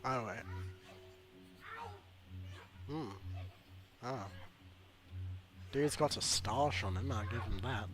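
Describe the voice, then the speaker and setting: A man's voice: medium pitch, slow pace, pauses often, a bit bright, soft background music, poor audio. A man hosting a let's play, reading hero bios aloud and joking between them in a chatty way. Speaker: gaming channel host.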